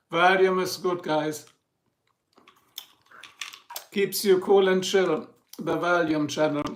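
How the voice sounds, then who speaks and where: Middle-aged man, German accent, rambling livestream chat, slightly high voice, joking asides. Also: steady tone, extremely slow, long pauses, a little hiss or hum. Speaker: livestream host. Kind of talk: casual livestream chat to viewers.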